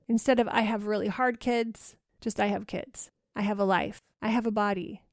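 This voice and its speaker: A woman in her thirties hosting a solo parenting podcast, talking earnestly and coaching, and repeating gentle affirmations softly. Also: mid-range voice, fairly even intonation, moderate pace, no room sound, clean studio sound.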